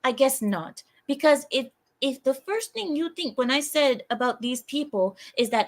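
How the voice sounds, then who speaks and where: A woman's voice: high voice, measured pace. A woman hosting a livestream, reading viewer comments aloud and answering them in an exasperated way, with frequent sighs and rhetorical questions. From lives in America.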